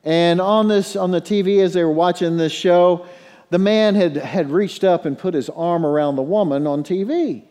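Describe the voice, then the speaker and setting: A middle-aged man preaching a sermon as a pastor, telling stories and leading prayer in a hushed low voice. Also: normal speed, clean tone. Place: church sanctuary. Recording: long reverb in a large hall.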